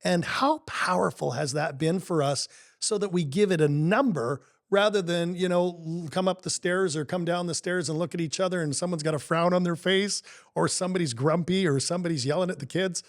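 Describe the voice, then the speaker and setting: A man's voice: sits high, a little fast, few pauses. A middle-aged man co-hosting a relationship coaching podcast, telling stories in an upbeat, emphatic way. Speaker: co-host, life coach. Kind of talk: casual podcast conversation.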